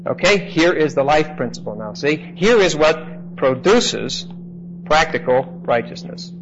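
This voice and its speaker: A man's voice: a little high, lively intonation, unhurried, fairly bright tone. A man preaching a teaching sermon, explaining verse by verse in an emphatic, explanatory way and often checking in with "okay?". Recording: dull lo-fi recording, faint background noise.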